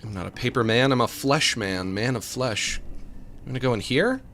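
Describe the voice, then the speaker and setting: A man's voice: mid-range voice, normal speed, a bit bright. A man streaming a co-op game, joking and chatting casually with his partner as he plays. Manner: joking, talks to his co-op partner while playing. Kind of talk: casual let's-play chatter.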